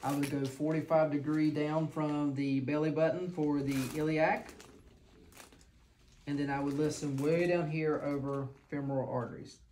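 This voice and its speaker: A woman's voice: deep voice, fairly even intonation, normal speed, dark tone, a little hiss or hum. Woman teaching an exam hands-on. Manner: explains while demonstrating, checks in with the class. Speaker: clinical instructor.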